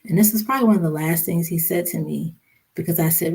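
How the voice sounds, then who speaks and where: A woman podcast guest recounting a painful family memory in a somber, halting way, with many fillers. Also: fairly low pitch, vocal fry, darkish tone, breathy edge. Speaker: podcast guest, social worker and mother. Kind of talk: personal storytelling in a podcast interview.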